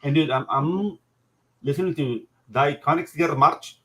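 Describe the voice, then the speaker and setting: A man co-hosting a podcast in casual chat, excitable and peppering his talk with "dude". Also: on the high side, unhurried, rough recording. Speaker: podcast co-host.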